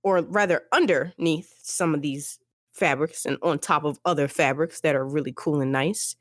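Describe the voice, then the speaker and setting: Low-voiced woman chatting on a podcast. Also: normal speed, no echo, studio quality. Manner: animated storytelling, many "like" fillers, acts out characters. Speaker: podcast co-host. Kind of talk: casual book-discussion chat.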